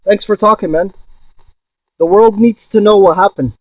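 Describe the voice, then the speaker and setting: A man in a ghost box session vlog, excitedly calling out to spirits and swearing when he insists to viewers. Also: high voice, moderate pace, no echo. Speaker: paranormal investigator.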